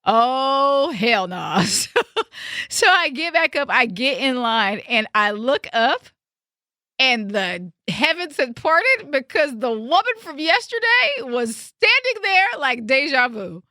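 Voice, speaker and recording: A young woman hosting a podcast, telling a story in a casual, animated and emphatic way, with some swearing. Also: high voice, takes it slowly, no echo, clean studio sound. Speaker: podcast host.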